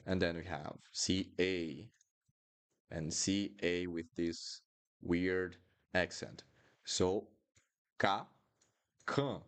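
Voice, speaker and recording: A man teaching a live online lesson, drilling sounds slowly and asking viewers questions. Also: low voice. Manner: lively and encouraging, drills sounds slowly, asks the chat questions. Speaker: Portuguese teacher.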